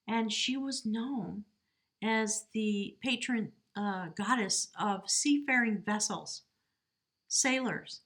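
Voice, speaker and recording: A woman's voice: mid-range voice, takes it slowly, a bit bright. A woman giving a casual tarot reading to camera, chatty and heartfelt, talking straight to the viewer. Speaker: tarot reader.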